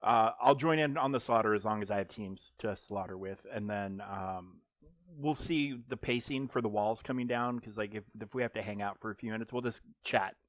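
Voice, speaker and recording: A man's voice: fairly low pitch, normal speed, no echo. A man streaming a mobile game live, chatting casually and joking, rambling with frequent ums and restarts.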